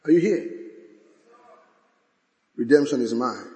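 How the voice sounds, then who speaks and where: A man preaching a sermon, dramatic, swinging from shouts to hushed tones and acting out quotes. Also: on the high side, lively intonation, moderate pace, long pauses, big-room sound.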